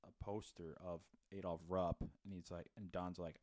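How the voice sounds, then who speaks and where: A man's voice: deep voice, level tone, normal speed, a little mellow. A man co-hosting a podcast, casually recapping a film's plot with lots of fillers and restarts. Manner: rambling, many fillers and restarts. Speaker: podcast co-host. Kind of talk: casual movie review chat.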